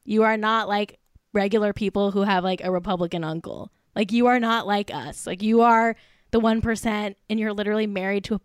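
A woman's voice: medium pitch, steady tone, a little fast, clear, resonant tone, no echo, clean studio sound. A young woman hosting a celebrity gossip podcast, a little tipsy, swearing freely and laughing between lines. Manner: profane, giggly, gossipy, heavy use of "like". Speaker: podcast host.

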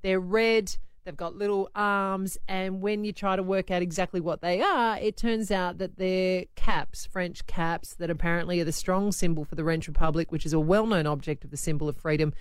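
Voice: mid-range voice, steady tone, normal speed, hardly any pauses, clean tone, no room sound. A radio host bantering playfully with co-hosts and often laughing.

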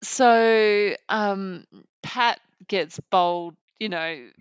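A woman's voice: medium pitch, drawn-out words, lo-fi sound, over loud music. An Australian woman co-hosting a podcast, chatting enthusiastically and thinking aloud as she talks. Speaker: podcast co-host. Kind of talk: casual chat.

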